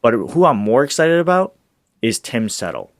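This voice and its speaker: A man hosting a solo sports podcast, talking in an excitable, rambling way with restarts and laughs. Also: medium pitch, moderate pace, no echo, studio quality. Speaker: podcast host.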